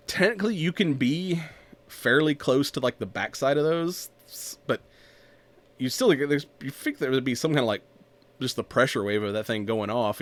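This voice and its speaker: A man chats through a movie plot on a podcast. He rambles, laughs often and slips into quoting the characters as he goes. His pitch sits in the middle range. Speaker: podcast co-host. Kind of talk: casual chat recapping a movie.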